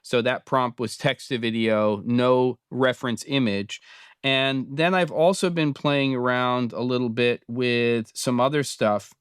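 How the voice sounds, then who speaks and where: Smooth-voiced man hosting a tech show. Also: mid-range voice, measured pace, no room sound, clean studio sound. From Britain. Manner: relaxed, thinking aloud with many fillers. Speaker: host. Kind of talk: casual screen-recorded tutorial.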